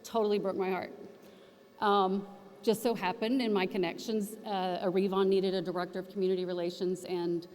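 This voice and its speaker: A woman's voice: mid-range voice, fairly quick. Folksy woman speaker in hall. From Oklahoma, USA. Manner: folksy, animated storytelling with acted-out quotes. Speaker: featured speaker. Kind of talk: storytelling presentation. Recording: reverberant hall.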